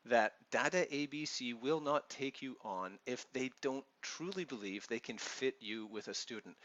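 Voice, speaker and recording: A man's voice: mid-range voice, fairly bright tone, highs cut off. Reassuring Canadian man giving advice. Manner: earnest, reassuring, explanatory. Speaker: online English teacher and vlogger. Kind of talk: advice vlog talking to camera.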